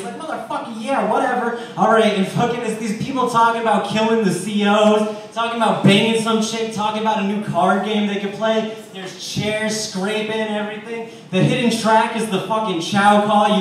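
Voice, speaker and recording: A stand-up comic works an open-mic set on a bar stage before a live audience, rambling, profane and self-deprecating. His high-sitting male voice is flat and a little fast, with hardly any pauses. A distant camera picks up his handheld stage mic, so the bar room sounds echoey and far off, with a slight hiss or hum.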